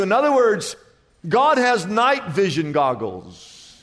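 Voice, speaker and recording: A man's voice: high-pitched, huge pitch swings, slow pace, a bit bright, long reverb tail. A male pastor preaching a sermon, telling jokes and stories and quizzing the congregation. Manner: jokey storytelling, quizzing the congregation.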